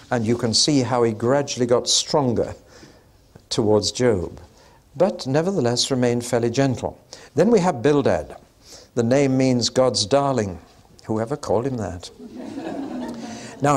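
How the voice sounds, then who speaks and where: A man giving a Bible teaching talk in a conversational way, with wry asides and rhetorical questions to his listeners. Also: mid-range voice.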